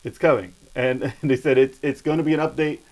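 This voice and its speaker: A man's voice: on the high side, level tone, fast talker, a little mellow, poor audio. A man hosting a casual gaming podcast, reading news in a laid-back way with frequent laughs. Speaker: podcast host.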